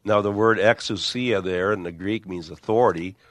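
Older man, Bible teacher, emphatic, low-pitched, dry close sound. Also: normal speed, hardly any pauses, dry recording. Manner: emphatic, builds arguments with illustrations. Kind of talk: theological discussion.

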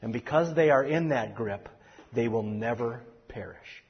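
A man's voice: medium pitch, measured pace, husky. A man teaching a Bible study, explaining scripture earnestly with many restarts and emphatic stresses. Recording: dull lo-fi audio with long hall reverb.

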